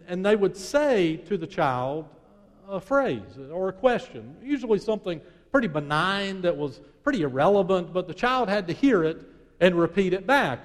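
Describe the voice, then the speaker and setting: A male pastor preaching a sermon, telling a story in hushed tones that rise and build, then leading a prayer. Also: a little high, big-room sound.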